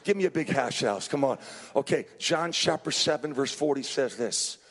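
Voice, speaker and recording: A man preaching a sermon as pastor, fervent, swinging between hushed passages and shouted ones. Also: medium pitch, animated, normal speed, vocal fry, husky. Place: restaurant hosting a Sunday service. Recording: long reverb in a large room.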